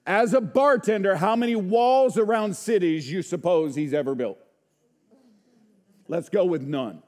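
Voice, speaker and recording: A male pastor with a high-pitched voice delivers a sermon, drawing responses from the congregation. He talks in a folksy way, full of y'all and rhetorical questions. His voice drops to quiet low asides, then rises to loud, emphatic shouts. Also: a little slow. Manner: preaching with call-and-response to the congregation.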